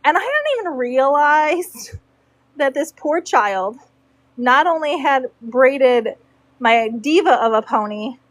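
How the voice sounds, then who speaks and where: High-voiced woman telling a lively story. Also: slow, dry recording, low-quality recording. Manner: animated, acts out quoted dialogue. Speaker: horse braider telling a story. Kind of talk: casual storytelling.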